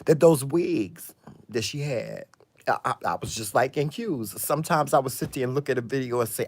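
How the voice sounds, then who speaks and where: This is a man talking straight to camera in a casual vlog, full of sass and flair. He tells gossip stories with dramatic asides and leans on "honey" and "child". His voice sits in a middle pitch and jumps between hushed remarks and loud outbursts. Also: normal speed. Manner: sassy, animated gossip storytelling with frequent "honey" and "child"; dramatic exclamations and swings in loudness. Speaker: vlogger.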